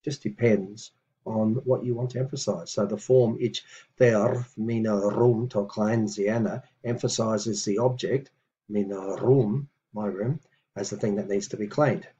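A man teaching a language lesson on video, explaining patiently with many fillers and reading example phrases slowly. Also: on the low side, fairly even intonation, dark tone, lo-fi sound.

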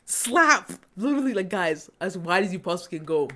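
A woman's voice: on the low side, steady tone, fairly quick. A young woman hosting a movie reaction, talking casually and animatedly, swinging between giggles and indignant rants.

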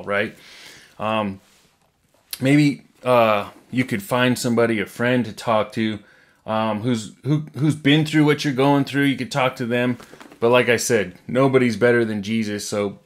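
A man gives a relaxed, conversational sermon in an everyday voice of middle pitch. He talks plainly, stumbles over and repeats words, and keeps checking in with his listeners. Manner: plainspoken, repeats words, often adds tag question "right?". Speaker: preacher.

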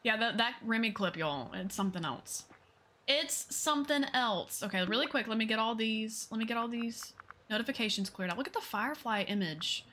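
A woman's voice: fairly high pitch, lively intonation, a little fast, bright, forceful tone, a little hiss or hum. A woman game streamer chatting with her viewers while she plays. She talks casually, reads out their messages and greets people by name. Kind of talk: live gameplay chat.

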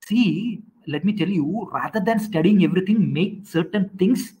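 A man lectures an online class in a high voice. He keeps quizzing his students and repeats questions with halting restarts. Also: darkish tone, low-quality recording. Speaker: teacher.

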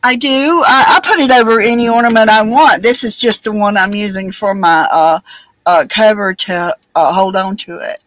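Halting Southern woman, rambling chat. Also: mid-range voice, a bit bright, rough recording. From Alabama, US. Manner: rambling, halting, many ums and restarts. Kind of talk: casual live-stream chat.

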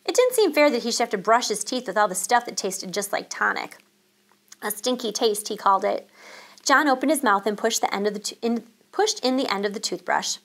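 A woman teacher reading a children's chapter book aloud, calm and expressive. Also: a little high, a little fast.

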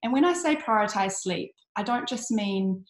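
Woman, health coach, chatty, many ums, tired, echoey room, mid pitch. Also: animated, normal speed. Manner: chatty, with frequent ums and restarts; uses 'bloody' as an intensifier. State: tired from little sleep. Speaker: health coach giving an online talk. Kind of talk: casual presentation.

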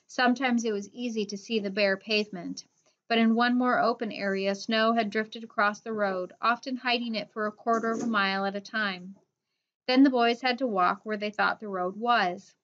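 A woman narrating a children's adventure story in a steady reading voice. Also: mid-range voice, highs cut off. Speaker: audiobook narrator. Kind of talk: scripted narration.

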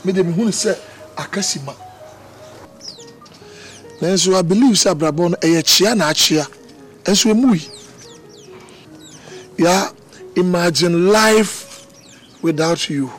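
A high-voiced, desperate pleading lover. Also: male voice, a little slow, long pauses, soft background music. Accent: Ghanaian. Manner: emotional pleading, switching between Twi and English. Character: desperate man begging his partner to stay. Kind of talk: film acting. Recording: faint film score underneath.

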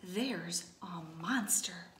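A woman's voice: on the low side, very slow, a little hiss or hum. A woman voicing an anxious male elephant in a storybook, urgent and fussing. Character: anxious male elephant, part of a stampeding herd. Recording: roomy echo.

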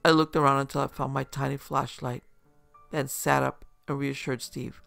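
Gravelly man narrating a horror story. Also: medium pitch, moderate pace, no echo, faint music behind. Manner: steady first-person telling.

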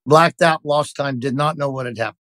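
A man's voice: mid-range voice, fairly quick, fairly bright tone, dry recording. A man, a pastor, recounts a story in an interview with intense, emphatic delivery. His voice sits in a middle range for a man. He is close to the mic in a dry, dead-sounding space. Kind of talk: telling a personal story in an interview.

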